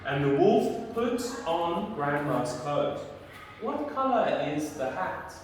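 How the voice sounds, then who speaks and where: A woman teacher telling a children's story slowly, stopping often to quiz the child. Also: lowish voice, noisy background. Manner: slow, lively, quizzing the child often. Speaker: English teacher. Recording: echoey room from far off.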